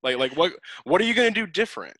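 A male podcast host with a bright, forceful tone that jumps around lively in pitch. He talks in a teasing, playful way, often restarting his sentences, and the sound is close and dry. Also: quick pace, no echo. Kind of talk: casual chat.

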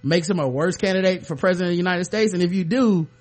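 A man co-hosting a casual podcast over a video call, talking in an animated, sarcastic way and laughing often. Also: sits high, quick pace. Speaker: podcast co-host. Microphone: webcam on a video call.

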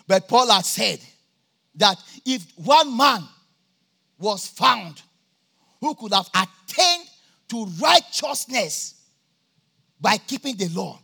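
A high-pitched preacher, a man with a husky, gravelly voice. He laughs easily and swings from easy chat to sudden shouts. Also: very animated, slow pace, pauses often. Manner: jovial, laughs often, bursts into shouts. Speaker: pastor. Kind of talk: sermon. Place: church campmeeting.

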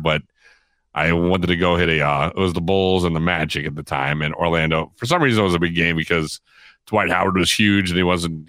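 A middle-aged man tells a story in a casual, animated way. He laughs as he talks and acts out the lines of the people in it. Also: rumbling low, no room sound. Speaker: guest storyteller.

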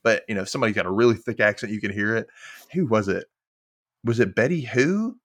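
A man hosting a chatty recap show. His pitch swings widely as he acts out characters' lines in exaggerated voices. He sounds loose and conversational. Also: lively intonation, quick pace. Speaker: podcast host. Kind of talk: casual recap chat.

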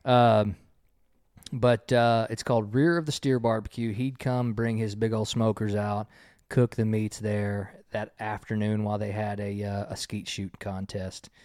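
Rambling man, smooth dry voice. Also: fairly low pitch, level tone, a little slow, a little mellow, dry recording. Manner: rambling storyteller with stammered restarts. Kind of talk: casual chat. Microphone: headphones with a mic on a remote call.

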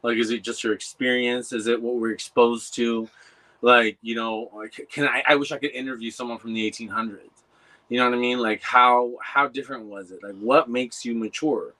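A man in casual chat as an interviewer, rambling, profane and animated. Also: medium pitch, normal speed, rough recording.

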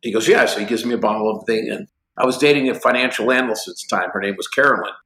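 A man in his sixties tells stories with gusto, playing out both sides of every exchange. His voice is bright and forward, and the sound rings in an echoey room. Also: on the low side, very fast. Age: 60s. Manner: lively anecdotes acting out both sides of conversations. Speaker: guest, company executive. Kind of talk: animated storytelling interview.

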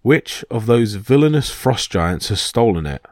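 A man's voice: mid-range voice, big pitch swings, a little slow, a little mellow, dry recording. Male narrator doing proud goddess, demanding, dry sound.

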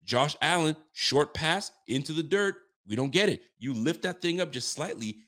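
Hosting a late-night post-game reaction stream, this sports fan show host speaks at a moderate pace in an animated, fairly bright voice on the high side. He's fired up but keeps it quiet, ranting emphatically and answering viewer messages he reads aloud.

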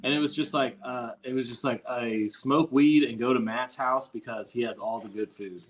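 A man's voice: medium pitch, steady tone, normal speed, poor audio. A man co-hosting a podcast, telling a story in a rambling, easygoing way with lots of swearing. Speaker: podcast co-host. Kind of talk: casual storytelling chat.

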